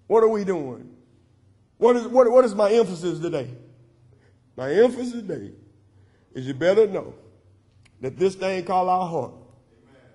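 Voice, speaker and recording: A man's voice: fairly high pitch, mellow. A man preaching a sermon as pastor, repeating lines in call-and-response style. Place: church sanctuary. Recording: long church hall reverb.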